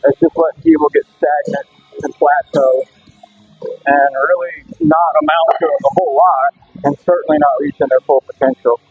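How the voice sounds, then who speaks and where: A man giving a blunt, animated Bible talk between lifting sets in a gym, reading scripture aloud. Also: a little high, normal speed, vocal fry, husky. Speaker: strongman Bible teacher. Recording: tinny lo-fi phone-like audio with faint music.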